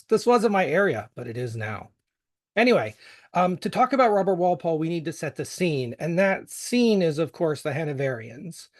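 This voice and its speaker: Middle-aged american guy, bit of western pennsylvania left in his accent, fairly high voice, chatty history talk with lots of ums and self-deprecating jokes. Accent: American, faint Western Pennsylvania. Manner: joking, self-deprecating, many fillers. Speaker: history podcast host presenting a talk. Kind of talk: casual conference presentation.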